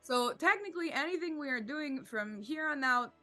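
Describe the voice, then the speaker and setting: Woman player, bright sharp voice, nitpicky and precise, music faint behind. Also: sits high, expressive, moderate pace. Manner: precise, lawyerly, pedantic. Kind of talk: tabletop game play.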